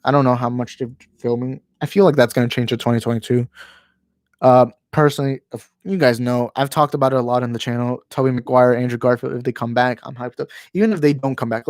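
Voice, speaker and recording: A man's voice: medium pitch, a little mellow, dry recording. Man, channel host, casual live-stream chat, rambling, stumbling restarts, apologetic asides, handheld mic, dry close sound. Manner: rambling, stumbling over words and restarting often; apologetic asides about his opinions. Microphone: handheld microphone moved closer while talking.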